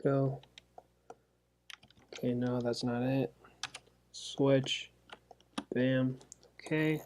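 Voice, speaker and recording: A man's voice: mid-range voice, fairly even intonation, drawn-out words, darkish tone, a little hiss or hum. A man from South Florida chatting goofily to himself and viewers while coloring, with sound-effect words. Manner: goofy, rambling self-talk with sound effects. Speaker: artist coloring on stream. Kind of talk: casual chat while drawing.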